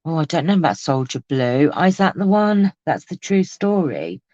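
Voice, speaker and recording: A woman's voice: sits low, sing-song, moderate pace, warm tone, no echo, highs cut off. A woman chatting casually while crafting on a live video, talking exclaimingly and laughing often. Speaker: crafting vlogger.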